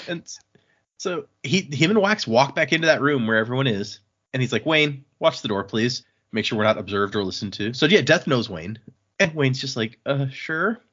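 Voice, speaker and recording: Animated husky man recapping a book. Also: mid-range voice, normal speed, highs cut off. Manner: animated, acts out characters' lines while recapping. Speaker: podcast co-host. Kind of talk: casual book discussion.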